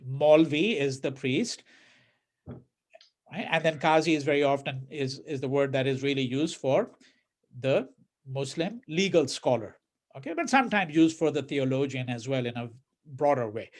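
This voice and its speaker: High-voiced man giving a lecture. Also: moderate pace. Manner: conversational, checks in with "right?", repeats words; reads quoted verses in a mocking voice. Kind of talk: university lecture.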